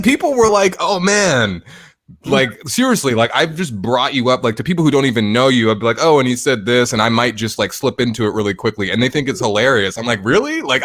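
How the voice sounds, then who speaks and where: A man's voice: mid-range voice, a bit bright, dry recording, studio quality. A man co-hosting a podcast in casual chat, laughing often and restarting sentences full of fillers. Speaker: podcast co-host.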